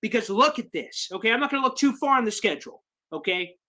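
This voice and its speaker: Hyped young man, bright shouty fan host. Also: very high-pitched, animated, quick pace. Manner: hyped, shouting bursts of celebration. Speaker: sports fan livestream host. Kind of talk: excited live-stream fan commentary, reading chat comments.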